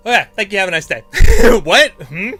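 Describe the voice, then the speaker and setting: Male streamer, casual and chatty, bright tone, talks in loose filler-laden bursts. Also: high voice, lively intonation, fast, soft background music. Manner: rambling and filler-heavy, thinking aloud. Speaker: streamer giving character-writing advice. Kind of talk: casual live-stream chat.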